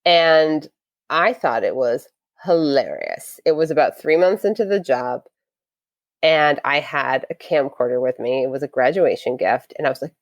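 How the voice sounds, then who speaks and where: A woman, a podcast guest, telling a story in a casual interview, lively and acting out what people said. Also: low voice, normal speed, no echo.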